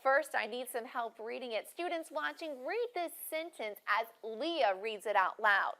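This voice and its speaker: A woman teaching a first grade class, speaking clearly and encouragingly to students watching on video. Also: a little high, lively intonation, bright, forceful tone, slight background noise. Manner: clear, encouraging, deliberately paced teacher talk.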